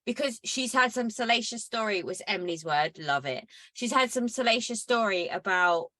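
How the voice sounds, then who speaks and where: A woman co-hosting a casual podcast, talking bluntly with plenty of swearing. Her voice sits a touch high and sounds bright and forceful, recorded dry and close with no room sound. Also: expressive, normal speed, no room sound. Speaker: podcast co-host. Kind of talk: casual chat.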